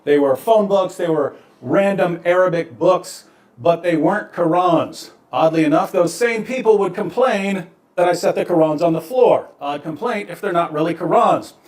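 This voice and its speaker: A man, a video creator, calmly explaining and showing his points in a measured, wry way. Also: high voice. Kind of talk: explanatory monologue. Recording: echoey room.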